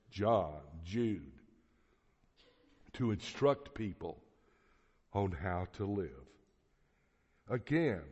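A man preaching a sermon in a church hall, teaching slowly and deliberately with emphatic phrases. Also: lowish voice, darkish tone. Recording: dull audio with long hall reverb.

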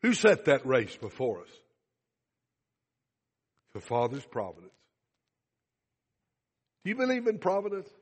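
A man's voice: fairly high pitch, measured pace, pauses often, husky. A man preaching a sermon to a congregation, asking them questions and acting out bits of dialogue. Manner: animated, acts out dialogue, asks the congregation questions. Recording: long hall reverb.

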